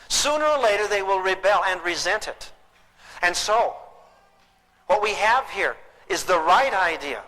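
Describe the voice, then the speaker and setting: A man's voice: sits high, pushed and bright. An older man giving a parenting talk to an audience, telling folksy stories with joking asides. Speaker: parenting speaker. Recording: echoey hall recording.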